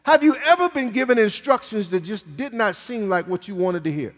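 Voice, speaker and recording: A male pastor preaches with a high, highly animated voice, rising and falling dramatically. His emphatic delivery swings from soft to loud. Long reverb from the church sanctuary trails each phrase. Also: brisk. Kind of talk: sermon. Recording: long reverb in a large hall.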